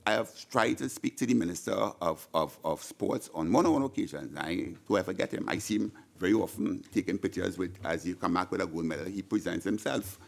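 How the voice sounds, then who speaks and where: A man's voice: low-pitched, a little fast, vocal fry, hardly any pauses. A middle-aged man from Trinidad and Tobago with a Trinidadian accent, giving an impassioned senate budget speech into a desk microphone, often repeating words and restarting. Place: senate chamber.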